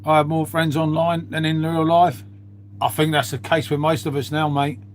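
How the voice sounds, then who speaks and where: A man's voice: a little high, flat delivery, normal speed, a little hiss or hum. A middle-aged man, chatting casually to viewers on his live stream, swearing freely and calling them mate.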